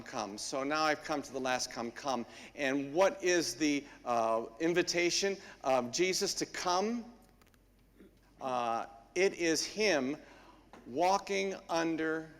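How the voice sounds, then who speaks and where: A man, a priest, giving a homily in a church in a conversational storytelling manner with frequent pauses. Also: a little high, a bit bright. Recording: long church reverb.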